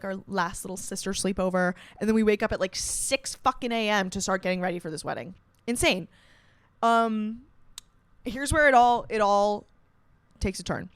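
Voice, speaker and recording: A woman's voice: mid-range voice, clean tone, no echo. A young woman hosting a podcast, telling a story in a casual, profane, self-mocking way. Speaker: podcast host.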